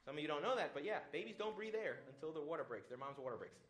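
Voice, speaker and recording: A man, a priest, giving a retreat talk, joking and lively, often acting out little voices. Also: a little high, very fast. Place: retreat hall with audience.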